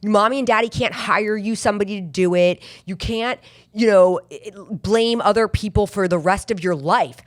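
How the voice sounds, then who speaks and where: A middle-aged woman hosting a podcast, talking candidly and emphatically in a motivational monologue, repeating phrases for emphasis and mocking her own excuses in quick quoted asides. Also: mid-range voice. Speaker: podcast host.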